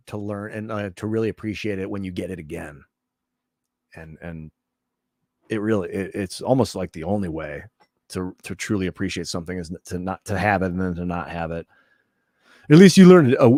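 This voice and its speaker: A man's voice: lowish voice, no room sound, clean studio sound. Rambling, reflective male streamer. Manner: rambling, reflective, reads chat aloud. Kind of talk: casual chat while livestreaming a game.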